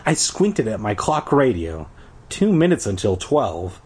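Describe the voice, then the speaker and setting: Husky man reading a story aloud casually. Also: lowish voice, big pitch swings, unhurried, a little mellow. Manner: informal, with asides and self-corrections. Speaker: reader.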